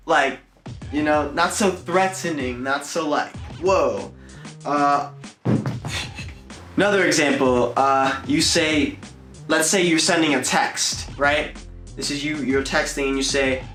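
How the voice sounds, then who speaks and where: A man's voice: a little high, slow, fairly bright tone. A young man with a New York accent giving a casual English lesson to the camera, loose and chatty, acting out example phrases. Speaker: English teacher on a video channel. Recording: echoey room with faint music.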